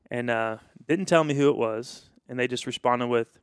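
A man's voice: medium pitch, animated, moderate pace, gravelly, few pauses, clean tone, dry recording, studio quality. A man who is a pastor, telling a story in casual conversation and acting out the quoted dialogue with animation.

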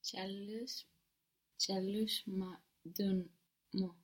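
A woman's voice: medium pitch, fairly even intonation, drawn-out words. A woman learning a language, answering in short careful phrases.

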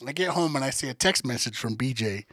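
A man's voice: mid-range voice, animated, fast talker, no room sound. Laid-back, swearing man co-host. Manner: laid-back, profane, quiet narration. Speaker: podcast co-host. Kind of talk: casual storytelling chat.

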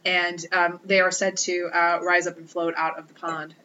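A woman's voice: fairly low pitch, level tone, normal speed, sharp tone, muffled recording, slight background noise. A woman co-hosting a podcast, telling ghost stories in a wry, joking, casual way. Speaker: podcast co-host. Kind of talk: casual chat.

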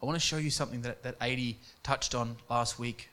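A man's voice: mid-range voice, fairly even intonation, fairly quick, pushed and bright. Earnest male preacher telling a story. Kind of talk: sermon.

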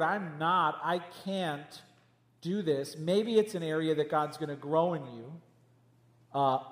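A man preaching a sermon as pastor, mixing teaching with jokes and chatty asides. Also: a little high. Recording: echoey hall with long reverb.

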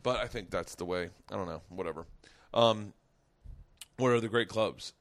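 A man's voice: on the low side, moderate pace, a bit bright. A man hosting a podcast, telling a long story in casual, profane chat with frequent swearing. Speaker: podcast host.

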